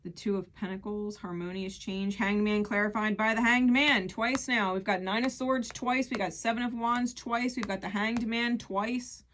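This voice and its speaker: A woman's voice: mid-range voice, steady tone, moderate pace, few pauses, a bit bright, slight background noise. A woman giving an earnest, emphatic tarot reading who repeats key phrases as she pulls cards. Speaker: tarot reader.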